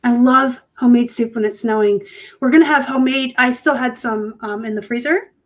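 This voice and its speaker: A woman's voice: a little high, fairly quick, low-quality recording. A woman hosting a casual live stream from a room at home, chatty and rambling, with frequent fillers and self-corrections. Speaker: host of a live reselling show. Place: home room set up for work.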